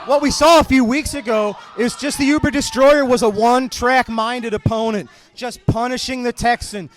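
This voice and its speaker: Excitable high-voiced wrestling announcer man. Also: moderate pace. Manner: excited, often shouting calls. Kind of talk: live wrestling commentary.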